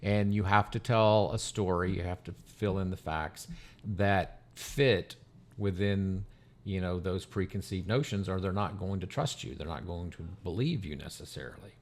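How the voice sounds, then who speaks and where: A man's voice: sits low, moderate pace. A man co-hosting a podcast, a lawyer talking in casual conversation with frequent fillers. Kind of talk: casual professional chat.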